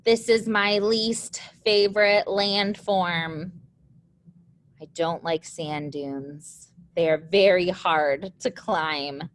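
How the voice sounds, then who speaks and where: Young woman teacher, low-ish voice, unhurried, patient explaining. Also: animated, a little hiss or hum. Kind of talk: recorded classroom lesson.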